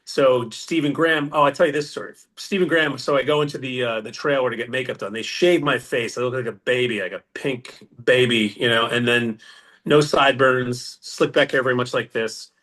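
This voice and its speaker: A man's voice: medium pitch, steady tone, fairly quick, a bit bright. A man, a podcast guest, telling stories in casual chat, laughing as he goes, with rambling asides. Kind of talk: casual storytelling.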